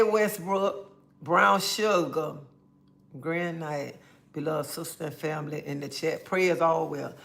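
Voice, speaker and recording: A woman's voice: low voice, a bit bright. Woman hosting a laid-back livestream chat. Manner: greets chat viewers by name, drawn-out friendly talk. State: feeling under the weather. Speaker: livestream host.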